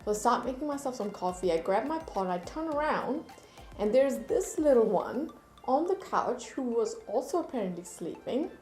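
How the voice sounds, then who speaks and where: A woman beauty vlogger chatting to camera, telling stories in a lively way at her desk. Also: fairly high pitch, normal speed, echoey room, soft background music. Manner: chatty, animated storytelling. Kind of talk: casual chat to camera. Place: indoor room at a desk.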